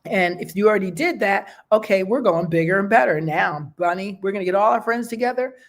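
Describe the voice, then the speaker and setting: A woman's voice: mid-range voice, brisk. Woman host, mid-range voice, casual heartfelt chat, keeps asking "okay?". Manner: chatty, repeats "okay?" and "you know".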